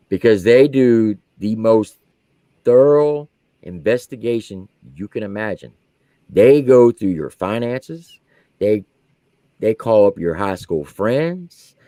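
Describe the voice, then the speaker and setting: A man in his forties, an army veteran, telling a profane comic story with animated swings between low asides and loud punchlines. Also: no echo.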